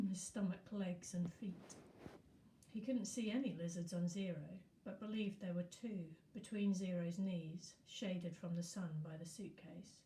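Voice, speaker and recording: A woman teacher reading a novel aloud in a steady storytelling manner. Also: lowish voice, a little slow, slight background noise. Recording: echoey room.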